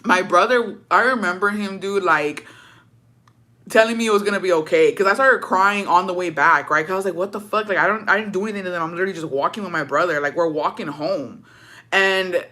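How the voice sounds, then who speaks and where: Bright-voiced young woman telling a story. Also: lowish voice, a little fast. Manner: profane, slangy, mixes in Spanish phrases; animated, dramatic retelling. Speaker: storytime vlogger. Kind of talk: casual storytime.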